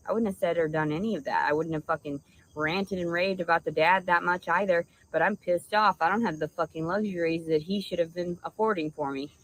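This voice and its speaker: Woman, low voice, furious rant, swearing, rambling, insulting. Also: slight background noise, poor audio. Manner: furious, insulting, stream-of-consciousness. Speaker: vlogger. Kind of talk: angry profane rant to camera.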